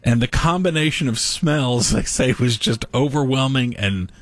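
A man co-hosting a casual talk show, telling a gross news story in an animated way and laughing through it. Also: medium pitch, moderate pace, dry recording, soft background music. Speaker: podcast co-host. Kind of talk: casual chat, reading a news story aloud.

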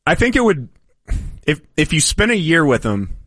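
Chatty sports show host, dry sound. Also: male voice, a little high, very animated, moderate pace, fairly bright tone, no echo. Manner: chatty, laughing, musing. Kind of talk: casual sports show banter.

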